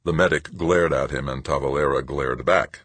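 A man narrating an audiobook with expressive storytelling. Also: rumbling low, normal speed, no echo. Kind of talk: scripted narration.

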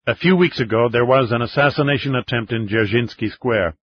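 A grave Russian security major speaks in a formal, measured, husky voice, as a male narrator puts him on. The recording sounds dull and dry. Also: mid-range voice, no room sound, natural voice.

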